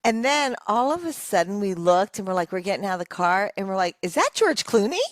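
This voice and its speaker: A woman co-hosts a relaxed talk show and chats easily. She joins in a shared story. Her voice is mid-pitched, close and dry. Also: brisk, no room sound. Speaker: co-host. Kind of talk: casual chat.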